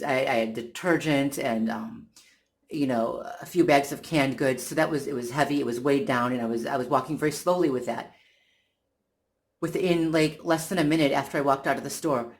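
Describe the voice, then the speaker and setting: Vlogger, casual personal retelling; halting, repetitive, irritated delivery at a middling pitch. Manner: halting, many restarts and repeated words. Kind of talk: casual first-person account.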